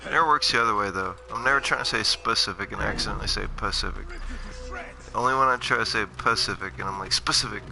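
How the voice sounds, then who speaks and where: A low-voiced man with a gravelly, fry-laced edge chats loosely as he plays, drifting into self-mocking tangents. His talk stays relaxed and jokey. Game music plays clearly behind him. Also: fast talker. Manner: joking, rambling, self-deprecating. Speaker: gaming livestreamer. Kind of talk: casual gameplay commentary.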